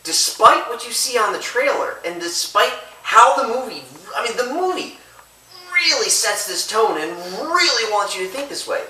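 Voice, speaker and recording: A man's voice: very high voice, animated, moderate pace, sharp tone, distant mic, slight background noise. A man giving a casual, rambling movie review, often breaking off and restarting his thoughts. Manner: rambling, chatty, self-interrupting. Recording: echoey room, away from mic.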